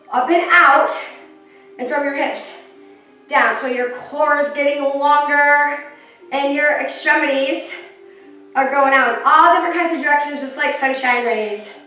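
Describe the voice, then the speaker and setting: Upbeat woman yoga teacher, high voice, chatty cues, recorded in a very echoey room from afar with soft music. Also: moderate pace, distant mic. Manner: encouraging, chatty, self-teasing asides. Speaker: yoga instructor. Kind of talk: guided yoga class instruction.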